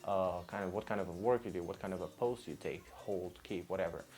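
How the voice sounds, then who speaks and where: A man with a Russian accent teaching vocabulary in a casual lesson, patiently repeating each word several times, with a relaxed manner. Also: sits low, fairly quick, soft background music. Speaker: language teacher.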